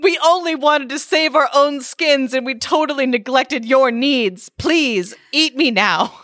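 A woman voicing a huge, overpolite eldest billy goat in a storybook parody, speaking a little higher than her own voice. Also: a little slow, fairly bright tone, no room sound, clean studio sound. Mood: grandly contrite. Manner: grandly apologetic, overpolite. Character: haughty oversized eldest billy goat, male.

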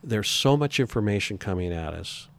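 A man's voice: on the low side, animated, gravelly. A middle-aged man speaking earnestly as an interview guest, often stumbling and restarting his sentences. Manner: earnest, halting with repeated restarts. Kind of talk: reflective interview talk.

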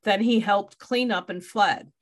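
A woman's voice: mid-range voice, unhurried. A woman hosting a true crime podcast, reading out case details and adding wry asides. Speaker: podcast host.

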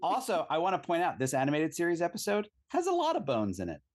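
A man chatting as a podcast co-host, lively and talkative. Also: on the high side, fast. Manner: animated, chatty. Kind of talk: casual chat.

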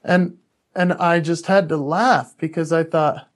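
Earnest man with a higher voice. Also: fairly even intonation, measured pace. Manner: earnest and candid, with frequent restarts. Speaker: podcast guest, author and speaker. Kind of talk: personal storytelling in a podcast interview.

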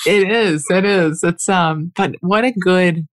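A woman's voice: on the low side, slow pace, dry recording. Dry-sounding woman podcast host, musing. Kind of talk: casual conversation.

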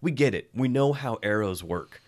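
A man's voice: mid-range voice, animated, moderate pace, darkish tone. A man co-hosting a film review podcast in casual chat, sarcastic and laughing often.

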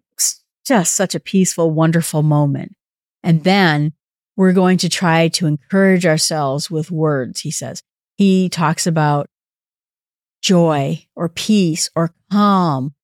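A woman hosting a solo podcast, talking through a self-help book in a calm, reassuring way. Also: low-pitched, no echo, studio quality. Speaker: podcast host.

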